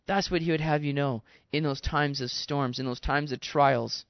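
A man, a pastor, giving a conversational sermon, animated and casual with slangy asides. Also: fairly high pitch, moderate pace, gravelly, hardly any pauses, no echo, muffled recording.

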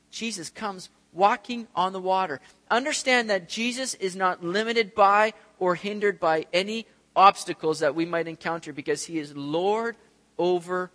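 A man preaching a sermon, telling the story with animated, acted-out scenes. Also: sits high, in a large hall. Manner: animated storytelling, acts out voices of disciples. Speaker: pastor.

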